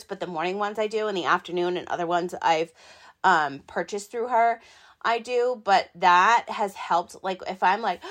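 A woman in her thirties hosting her own podcast, talking in a chatty, excitable, rambling way with lots of fillers. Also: lowish voice. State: hiccups. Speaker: podcast host. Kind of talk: casual solo podcast talk.

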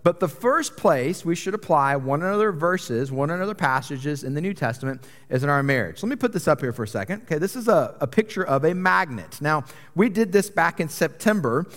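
A young man preaches as a pastor in a church sanctuary, keeping the sermon casual and conversational, joking and poking fun at himself. His fairly high, slightly bright voice has lively intonation and moves a little fast with hardly any pauses, echoing with the long reverb of a big church hall.

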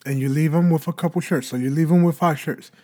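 A man's voice: fairly high pitch, fairly even intonation, quick pace, warm tone. Man explaining with rhetorical questions. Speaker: podcast host. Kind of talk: casual solo podcast talk.

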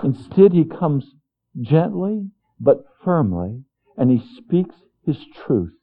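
A man preaching a sermon as pastor, earnest, swinging between hushed, quiet passages and fervent, raised ones. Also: a little high, big pitch swings, takes it slowly, a little hiss or hum. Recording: tinny phone-like sound.

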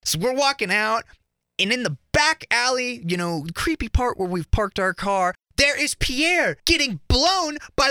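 A man's voice: very high-pitched, unhurried, smooth, no room sound. A young man, a podcast guest, telling a crude first-date story with lots of swearing in a college radio studio. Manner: animated, crude, swears freely. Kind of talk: casual storytelling.

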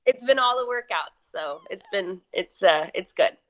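A young woman guest in her twenties, a little hoarse, chatting casually with lots of "like" fillers. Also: medium pitch, expressive, measured pace, lo-fi sound. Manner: chatty, filler-heavy, uses "like" a lot. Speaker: guest athlete. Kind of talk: casual interview chat.

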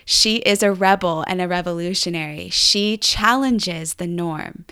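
A woman hosting a podcast, telling a family story with animated enthusiasm. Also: lowish voice, unhurried, clean tone. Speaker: podcast host.

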